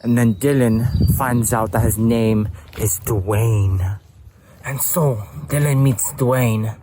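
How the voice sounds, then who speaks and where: Man, camp counselor, slow pace, playful storytelling, self-correcting. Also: mid-range voice, heavy background noise. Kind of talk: casual storytelling.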